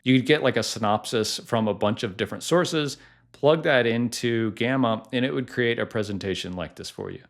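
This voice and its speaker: A man's voice: medium pitch, normal speed. A middle-aged man hosting a casual tutorial vlog, talking in a chatty way full of "like" and "uh". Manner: chatty, lots of "like" and "uh" fillers. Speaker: tech YouTuber, podcasting company founder.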